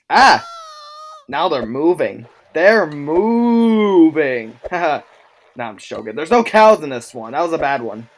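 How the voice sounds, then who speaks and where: Male let's-play host, mid pitch, very animated delivery, rambling and giggly. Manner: excitable, rambling, quick to laugh. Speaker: YouTube gamer. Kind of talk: casual gameplay commentary.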